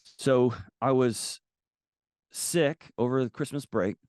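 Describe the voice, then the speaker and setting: A man guest on an interview podcast, telling personal stories in a candid, animated conversational way. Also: medium pitch, slow pace, no echo, studio quality. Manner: candid, animated, acts out quotes. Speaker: guest author. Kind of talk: casual conversational storytelling.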